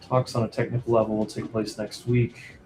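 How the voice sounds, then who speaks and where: A man's voice: lowish voice, flat delivery, normal speed, mellow, soft background music, poor audio. A man co-hosting a live trading stream, asking questions and reading out news headlines. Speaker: trading co-host.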